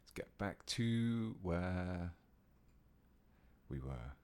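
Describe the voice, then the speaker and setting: A man's voice: low-pitched, drawn-out words, clean tone. A British man giving a casual painting tutorial on a live stream, chatting with viewers as he works. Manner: relaxed and chatty, reading out viewer comments.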